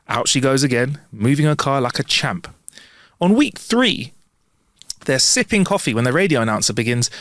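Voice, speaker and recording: A man's voice: mid-range voice, a little fast, dry recording. Guy on a podcast cracking jokes and laughing a lot, dry close sound. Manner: giggly, jokey, animated banter. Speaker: podcast co-host. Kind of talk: casual joke-swapping chat.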